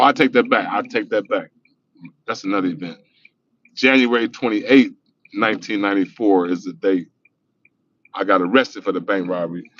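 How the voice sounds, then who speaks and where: A man's voice: sits low, fairly bright tone, muffled recording. A middle-aged man livestreaming from his car, telling loose, profane stories and laughing as he talks. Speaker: livestream host. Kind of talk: casual storytelling livestream. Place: in a car while driving.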